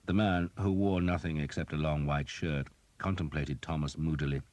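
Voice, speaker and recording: A man narrating an audiobook in a measured, even storytelling manner. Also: very deep voice, no room sound. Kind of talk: scripted narration.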